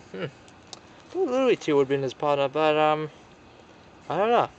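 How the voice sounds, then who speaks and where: A man's voice: high-pitched, lively intonation, measured pace, long pauses, a little hiss or hum. A man improvising a toy-play story, voicing the characters himself with frequent gasps and exclamations.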